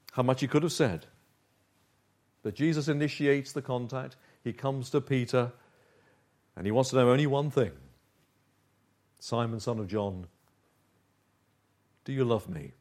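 Man preaching with soft and rising emphasis. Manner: shifts between soft, low asides and emphatic, raised points. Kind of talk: sermon.

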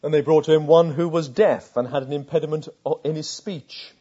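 A man preaching a sermon, retelling scripture with earnest rhetorical questions and dropping to a hush at tender moments. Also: fairly high pitch, steady tone, brisk, breathy edge. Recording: dull lo-fi sound.

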